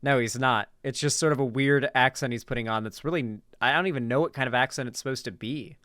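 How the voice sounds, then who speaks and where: A man's voice: medium pitch, fast, fairly bright tone, clean tone, no room sound, clean studio sound. A young man reacting live to a video, chatting casually with lots of fillers, restarts and trailing thoughts. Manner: rambling, many fillers and restarts.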